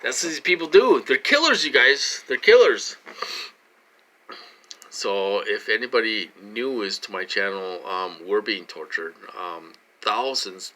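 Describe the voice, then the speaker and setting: A man's voice: on the low side, sharp tone. A man talking straight to his vlog audience from his own room, rambling and repeating himself with lots of fillers. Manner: rambling and repetitive, heavy with fillers. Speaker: vlogger. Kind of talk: casual vlog monologue.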